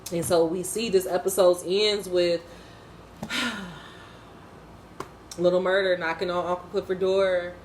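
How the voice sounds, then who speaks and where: A woman's voice: on the low side, level tone, measured pace, long pauses, a little mellow, echoey room, slight background noise. A woman giving unscripted, casual commentary on a TV episode, blunt, profane and impassioned. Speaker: TV episode reviewer.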